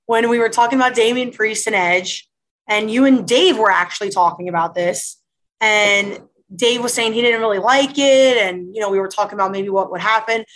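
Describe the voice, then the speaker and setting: A woman's voice: mid-range voice, moderate pace, fairly bright tone, poor audio. Teasing woman co-host. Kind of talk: casual chat.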